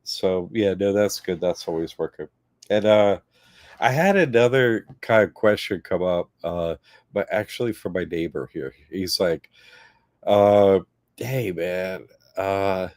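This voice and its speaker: A man co-hosting a casual livestream chat, telling stories with lively quoted voices and laughs. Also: deep voice, a little slow, no room sound, studio quality. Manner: animated storytelling, acting out quoted voices with laughs. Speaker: co-host.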